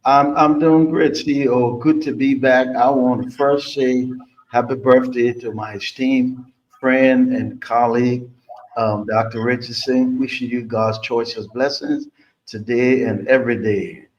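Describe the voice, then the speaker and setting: A man on a talk show giving encouraging, proverb-like advice at a steady, ordinary pitch. His audio comes through dull and lo-fi, as if over a remote connection. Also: measured pace. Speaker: regular guest commentator. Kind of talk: casual talk show chat.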